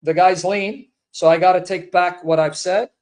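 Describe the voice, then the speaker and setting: A man's voice: sits high, fairly even intonation, normal speed, darkish tone. A man speaking earnestly and emotionally to his viewers, a Christian apologist who repeats himself and calls them brethren. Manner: earnest, repetitive, addresses listeners as brethren.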